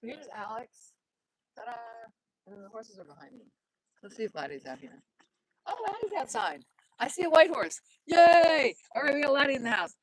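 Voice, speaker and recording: A woman's voice: a little high, very animated, a little fast, long pauses, a little hiss or hum, low-quality recording. A woman host chatting casually on a phone livestream outdoors by a horse paddock, upbeat and reading out viewer comments. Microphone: phone held in hand.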